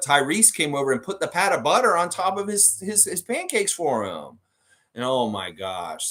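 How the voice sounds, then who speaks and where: A man hosting a live basketball stream, chatting with viewers and telling an improvised story, slipping into quick character voices. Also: mid-range voice, fairly bright tone. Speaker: sports podcast host.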